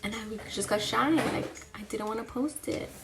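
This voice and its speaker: A young beauty vlogger with a voice on the high side talks at normal speed against a noisy background. Doing her makeup on camera in a casual get-ready-with-me chat, she's chatty and self-deprecating and narrates each step to herself.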